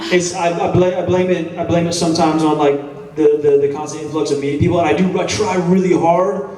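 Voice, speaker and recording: A man in his thirties tells stories to a convention crowd in a relaxed, chatty way, poking fun at himself. His voice sits a bit high. It rings through a big echoey hall, picked up from some distance. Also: normal speed. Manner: laid-back, chatty, self-deprecating, swears casually. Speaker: actor answering fan questions on a panel. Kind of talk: casual storytelling Q&A.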